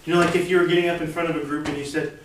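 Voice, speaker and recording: A woman's voice: deep voice, flat delivery, very fast. A woman teaching a casual class in a playful way, laughing often and acting out her examples. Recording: echoey noisy room from far off.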